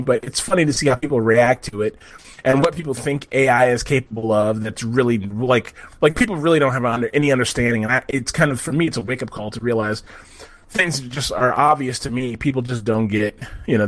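A man hosting a casual chat, telling stories in an animated, profane way. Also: medium pitch. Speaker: podcast host.

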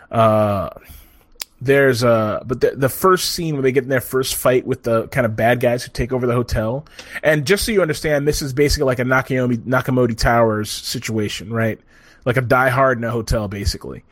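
A man's voice: mid-range voice, dry recording. A man casually griping about a bad comedy film, rambling and swearing, acting out scenes in quoted voices. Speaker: movie reviewer. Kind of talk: casual profane chat.

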